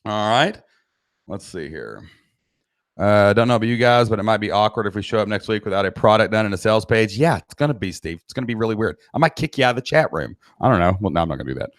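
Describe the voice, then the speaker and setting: A middle-aged man with a Southern American accent runs a live-streamed online business class, his lowish voice moving fast as he reads chat questions and bluntly pushes viewers to get going. It's an energetic, pushy pep talk. The sound is dry and studio quality, though he's using a cheap desk mic by his laptop.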